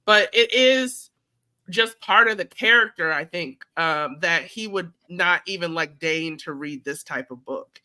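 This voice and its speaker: Very bright, high-voiced man on a podcast. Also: measured pace, clean tone. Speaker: podcast co-host. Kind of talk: casual podcast film review.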